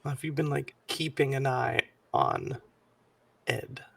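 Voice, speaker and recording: A man running a tabletop game as game master, talking in an animated, halting way with many fillers. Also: medium pitch, vocal fry, far from the mic.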